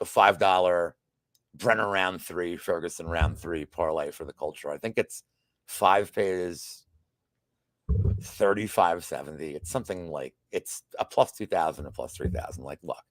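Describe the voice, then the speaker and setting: Deep gravelly-voiced guy rambling thru fight bets, cusses a lot, dry close sound. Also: dry recording. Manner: rambling, frequent restarts, profane asides. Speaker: sports betting podcast host. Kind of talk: casual betting picks chat.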